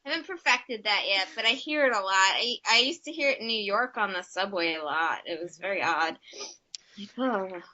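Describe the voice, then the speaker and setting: A woman's voice: medium pitch, lively intonation, brisk, few pauses, bright, forceful tone. A young American woman, an actress, chatting casually and upbeat on a video call, full of fillers. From United States. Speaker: actress and guest. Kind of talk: casual interview chat. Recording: slightly muffled video-call audio.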